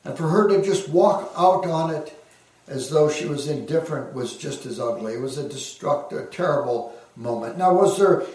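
A man preaching as a pastor, earnest and emphatic, slowing down to give phrases weight. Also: on the high side, darkish tone. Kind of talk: sermon. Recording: very echoey hall, heard from a distance.

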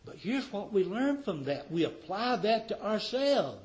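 A man with a notably high voice delivers a fervent sermon. He presses his listeners with rhetorical questions, rising loud on key points and falling soft at the ends of phrases. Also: sing-song, moderate pace, hardly any pauses, poor audio. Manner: fervent, rhetorical questions, wide swings in loudness. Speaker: preacher.

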